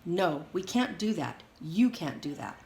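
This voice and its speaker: A woman's voice: on the low side, very animated, brisk. A woman reading aloud as a smug, scheming teenage boy who talks insistently. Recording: roomy echo, faint hiss.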